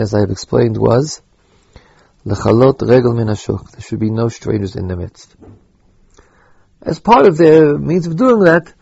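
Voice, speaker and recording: A man teaching a Torah lesson, halting and repeating words as he thinks aloud, with Hebrew terms mixed in. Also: medium pitch, gravelly, mellow, slightly rough, no echo, highs cut off. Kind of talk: spoken Torah lecture.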